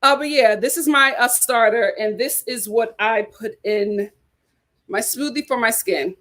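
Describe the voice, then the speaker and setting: A woman hosting her own YouTube channel in a casual chat with her viewers, animated, and laughing often. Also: on the high side, measured pace. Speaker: YouTube host.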